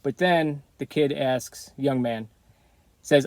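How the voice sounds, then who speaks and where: A man's voice: medium pitch, fairly even intonation, normal speed, darkish tone, no echo. A middle-aged man casually telling a story, rambling and digressing, often chuckling.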